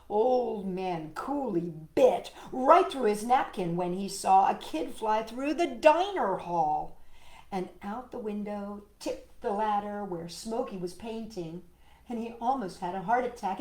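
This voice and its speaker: A woman reads a children's storybook aloud, slow and unhurried, her voice rising and falling in a lively sing-song way. Her pitch sits a little high for a woman. The room gives her a roomy echo, with faint music somewhere underneath. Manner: gentle, expressive storyteller who talks to a puppet. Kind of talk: reading a picture book aloud to children.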